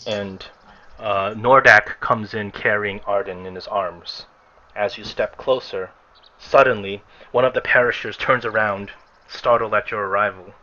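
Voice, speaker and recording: A man as game master, narrating a tabletop game in a descriptive way with frequent pauses. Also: fairly low pitch, fairly even intonation, bright, forceful tone. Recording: lo-fi recording with faint music.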